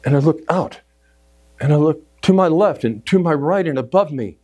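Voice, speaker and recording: A middle-aged man telling a story in a sermon, acting out inner voices and moving from shouts to hushed tones. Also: fairly high pitch, expressive, moderate pace. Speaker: speaker at a church service.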